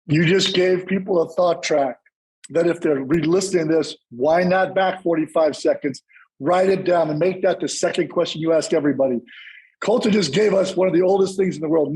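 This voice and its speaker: A man in his fifties hosts a podcast in a high, light voice. He sounds emphatic and says his main points twice to drive them home. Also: normal speed, darkish tone, rough recording. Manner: emphatic, repeats key lines. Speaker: podcast host. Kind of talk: podcast interview hosting.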